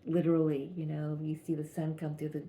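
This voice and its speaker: A woman giving a channeled tarot reading, talking gently and haltingly with many restarts. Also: deep voice, monotone. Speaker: tarot reader.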